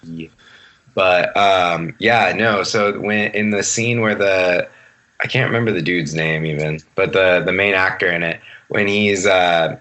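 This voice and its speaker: Low bright-voiced laid-back young man. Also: unhurried. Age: 20s. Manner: laid-back, rambling, swears freely. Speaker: podcast guest. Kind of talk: casual chat. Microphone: video call.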